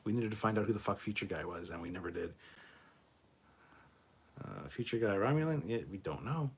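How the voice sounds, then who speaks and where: A man hosting a casual livestream, reading viewer comments aloud and answering them in a relaxed, off-the-cuff way, swearing freely. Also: lowish voice, brisk, slightly rough. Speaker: livestream host reading chat. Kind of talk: casual live chat.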